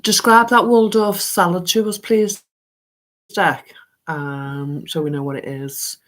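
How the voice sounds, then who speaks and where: A woman's voice: fairly low pitch, fairly even intonation, slow pace, a bit bright. A woman with an English accent hosting a casual livestream, chatting and asking viewers questions. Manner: chatty, asks viewers questions, calls them love. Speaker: livestream host. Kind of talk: casual chat reading viewer comments.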